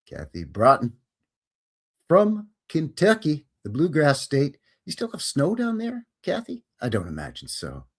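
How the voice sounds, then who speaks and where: Folksy, lively-voiced man hosting a live stream. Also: a little high, measured pace, husky. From Canada. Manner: chatty, greeting viewers by name, folksy. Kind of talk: casual live-stream chat.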